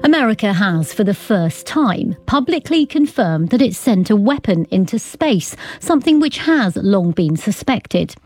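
A woman's voice: mid-range voice, sing-song, a little slow, few pauses, a little mellow, no echo, faint music behind. Woman presenting live radio news. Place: radio studio.

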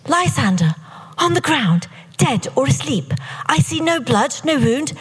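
A woman's voice: sits high, big pitch swings, measured pace, long reverb tail, pitched above the performer's own voice. Helena, a woman reciting a lovestruck young heroine. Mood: earnest. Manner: raised, theatrical recital. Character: earnest lovestruck young woman in a stage play.

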